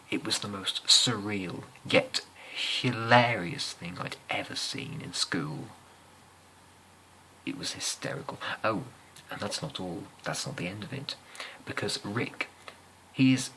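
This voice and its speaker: A young man with an English accent telling rambling, amused school stories in a soft-spoken ASMR style, often slipping into whispers and hesitating with fillers. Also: low voice, a little hiss or hum, poor audio. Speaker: ASMR storyteller.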